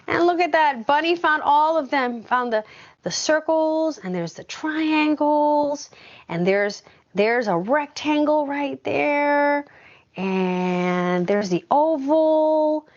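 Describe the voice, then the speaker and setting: A woman's voice: high voice, sing-song, takes it slowly. A woman reading a picture book to children and chatting as she points out the pictures. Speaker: school staff reading to children. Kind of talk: picture book read-aloud. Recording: dull lo-fi sound.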